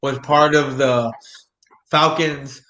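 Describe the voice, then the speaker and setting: A man hosting a casual chat, rambling in a relaxed way and repeating words as he talks. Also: mid-range voice, slow pace.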